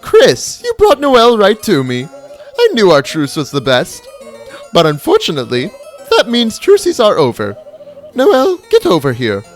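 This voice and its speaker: A player voicing a pompous computer queen from a game, in a booming, theatrical, strained high voice. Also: wildly swooping pitch, unhurried, faint music behind. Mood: imperious.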